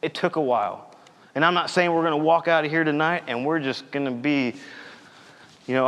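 A man's voice: a little high, normal speed, a bit bright, in a large hall. A young man preaching a sermon in an earnest, conversational way, telling stories from his own life.

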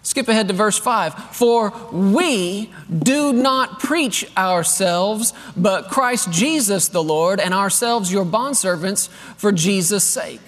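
A man preaching a sermon as pastor, telling family stories with animated energy and reading scripture slowly with emphasis. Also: high-pitched. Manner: animated storytelling, reads scripture with slow emphasis. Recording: long reverb of a large hall.

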